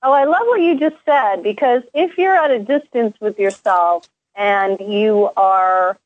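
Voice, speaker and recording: A woman's voice: medium pitch, measured pace, dry recording. A woman guest on a radio talk show, speaking earnestly and with enthusiasm in casual conversation. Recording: dull, dry, lo-fi line.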